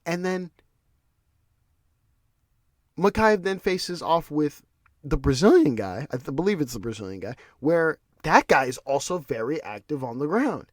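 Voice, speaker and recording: A man rants through a casual solo commentary, his voice swinging widely in pitch as he circles back over his own words and trips into restarts. He sits slightly high for a man. The sound is dry and close, with almost no room around it. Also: unhurried, long pauses, no room sound. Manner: ranting, animated, with restarts and repeated words. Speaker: podcast host.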